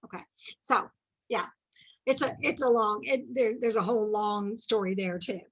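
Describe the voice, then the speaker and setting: A woman's voice: medium pitch, normal speed, highs cut off. A woman giving an earnest, faith-based motivational talk to a sales team, chatty and full of asides.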